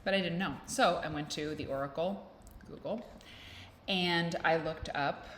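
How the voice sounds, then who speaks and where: A woman's voice: low-pitched, measured pace. A woman hosting a casual vlog, chatting in a rambling, playful, self-deprecating way. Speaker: vlog host. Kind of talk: casual chat to camera. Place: indoors at home with a fan blowing. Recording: echoey room with faint noise.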